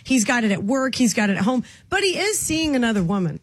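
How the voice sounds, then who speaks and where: Emotional woman radio host, dry and breathy. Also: on the high side, very animated, fast talker, no room sound. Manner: emotional, pleading and insistent. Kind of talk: radio talk show.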